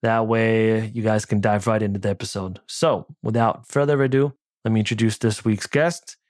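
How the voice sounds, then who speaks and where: A man's voice: fairly low pitch, steady tone, normal speed, darkish tone, dry recording, studio quality. A man with a New York accent hosting a podcast interview, chatty and rambling with lots of fillers. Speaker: podcast host.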